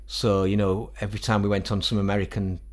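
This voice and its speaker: A middle-aged man with a Northern English accent and a fairly low voice. He tells stories at an easy, animated pace, often slipping into other people's voices to quote them. It is a casual interview. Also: quick pace. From England. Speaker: guest musician.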